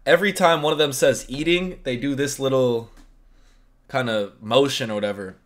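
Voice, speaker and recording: A man's voice: medium pitch, moderate pace. An American man hosting a reaction video, making blunt, joking asides. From United States. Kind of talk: casual reaction commentary.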